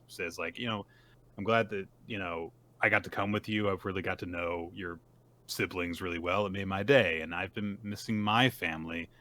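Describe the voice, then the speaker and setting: A man's voice: low voice, sharp tone. A man co-hosting a casual manga recap podcast, retelling scenes and acting out the characters' lines. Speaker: podcast co-host.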